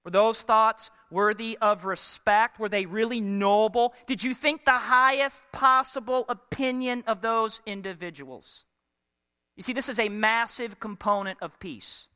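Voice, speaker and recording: A male pastor delivers an emphatic sermon, firing rhetorical questions at his congregation. His voice sits high and rings bright. It carries with a long reverb from a church sanctuary. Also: measured pace, clear, resonant tone.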